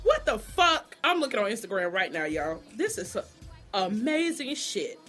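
A woman vlogger delivering an animated, profane comedic gossip rant straight to her viewers. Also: mid-range voice, normal speed, soft background music.

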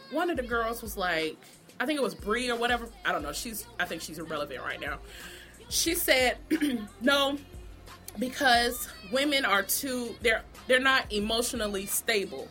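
A woman with a high, bright voice delivers a profane vlog rant about a reality show. She swings between mocking disbelief and real outrage. Faint music plays behind her. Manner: heated, profane, swinging between mock shock and indignation. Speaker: vlogger.

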